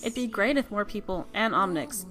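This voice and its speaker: A woman's voice: mid-range voice, expressive, moderate pace, music in the background. A young woman playing a visual novel game, reading the narration aloud and chatting about it along the way. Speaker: gamer. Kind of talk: let's play commentary and reading.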